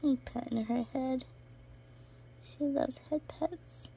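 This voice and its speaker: A woman chats casually to the camera indoors as she tours her reptile cages. Her voice has a gravelly fry and a mellow, dark tone. Faint room noise sits underneath. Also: fairly even intonation, slow. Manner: chatty, switches to high baby talk with her pets. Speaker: reptile keeper vlogger. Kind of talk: casual vlog talk to camera.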